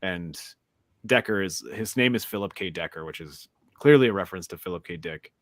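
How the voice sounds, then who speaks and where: A man chatting casually about a film on a podcast, musing aloud and trailing off softly. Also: low voice, brisk, no room sound, studio quality.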